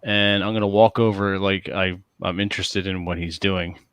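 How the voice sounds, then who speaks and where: A man's voice: low voice, fairly even intonation, moderate pace, fairly bright tone, clear, resonant tone, dry recording. A man playing a tabletop game, hesitant and thinking aloud as he plans his character's moves. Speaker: player. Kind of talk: casual tabletop play.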